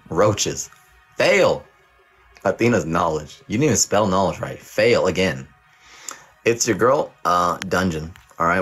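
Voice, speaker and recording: With a low-pitched, slightly bright voice, a young man acting as a mock teacher on his livestream reads the chat aloud and teases viewers with profane pass-or-fail judgments.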